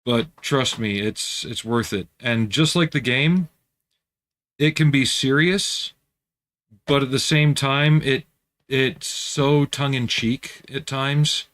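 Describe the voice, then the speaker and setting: A man's voice: mid-range voice, slow pace. Easygoing man chatting on a livestream. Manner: relaxed, chatty, answers viewer comments while working. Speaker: livestream host building scale models. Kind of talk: casual livestream chat.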